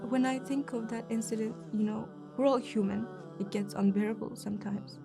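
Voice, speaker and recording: A young woman from East Turkestan, speaking softly and hesitantly as an interview guest, with frequent fillers. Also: on the high side, fairly even intonation, fairly quick, vocal fry, over music. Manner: soft-spoken, hesitant with fillers. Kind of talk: personal interview.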